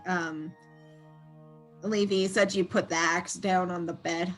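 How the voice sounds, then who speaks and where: A woman's voice: on the low side, fairly even intonation, measured pace, soft background music. A woman running a tabletop game as game master, describing the scene to the players in a laid-back way.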